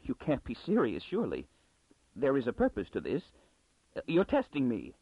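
Brief: jittery, paranoid librarian, read by a man, pitch leaping wildly, thin phone-like sound. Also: huge pitch swings, normal speed, slightly rough, no room sound, full character voice. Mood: panicked. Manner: hesitant, breaking into high shrieks. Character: nervous male librarian, frantic and paranoid. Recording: dry, phone-like narrow sound.

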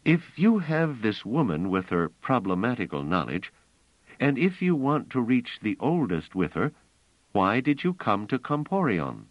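A man's voice: medium pitch, very animated, no echo, voice pushed up. A man doing a proud, touchy superstitious woman. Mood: intense. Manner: tense, emphatic, slow deliberate delivery. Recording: slightly dull, dry audiobook recording.

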